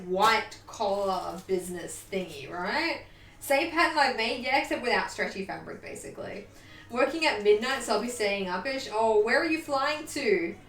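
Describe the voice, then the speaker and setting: A bubbly young woman chats through a casual live stream, her voice sitting a little high. She sounds set back from the mic in an echoey room. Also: a bit bright, distant mic, a little hiss or hum. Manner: bubbly, chatty, swears casually, baby-talks to her dog.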